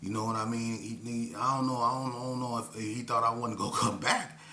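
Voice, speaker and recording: A man's voice: medium pitch, steady tone, brisk, bright, forceful tone. A man telling a personal story in a casual, slangy way, often saying "you know what I'm saying". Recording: roomy echo, faint hum.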